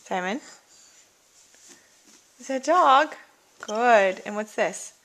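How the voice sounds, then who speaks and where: Slow, patient mother coaxing a toddler. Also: on the high side, expressive, a bit bright. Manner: patient, coaxing, repeats questions and names each animal. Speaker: parent teaching a toddler sign language. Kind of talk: home video, quizzing a small child. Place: at home. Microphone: handheld camcorder.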